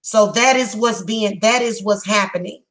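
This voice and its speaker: A woman giving a psychic reading, speaking bluntly and emphatically, heated and repetitive, slowing down to stress her words. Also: mid-range voice, rough recording. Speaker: psychic reader. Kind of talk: tarot reading monologue.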